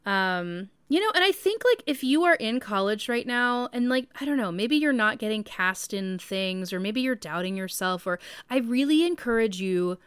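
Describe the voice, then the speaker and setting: A woman's voice: a little high, expressive, normal speed, hardly any pauses, a bit bright, clear, resonant tone, no echo, clean studio sound. A woman in her thirties hosting a podcast, talking in a chatty, rambling way full of "like" and "um". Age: 30s. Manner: chatty, rambling, many "like" and "um" fillers. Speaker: podcast host. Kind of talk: casual podcast monologue.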